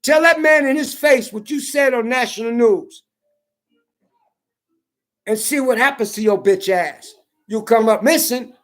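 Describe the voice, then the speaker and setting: A woman's voice: fairly high pitch, a little slow, pauses often, soft background music. Furious woman ranting, swearing. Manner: profane, confrontational, repetitive taunting; rises to shouting at times. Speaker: vlogger. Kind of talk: angry political rant to camera.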